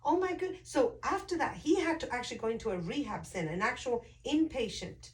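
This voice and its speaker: A woman chatting casually as a host, telling a family story with lively acted-out quotes. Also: fairly high pitch, a little fast, distant mic, low-quality recording. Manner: animated storyteller, acts out quoted voices. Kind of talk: casual chat.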